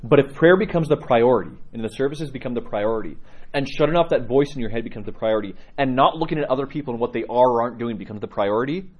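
A man who is a priest, answering questions in a catechism class and telling stories in an animated way. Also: fast, dull audio. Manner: animated storytelling with lively pitch, chuckling. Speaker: Orthodox priest.

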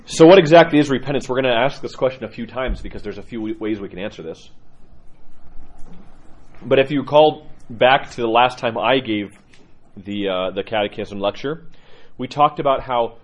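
A man's voice: medium pitch, normal speed, muffled recording. A man teaching a catechism lecture, earnest and emphatic, often repeating himself for weight.

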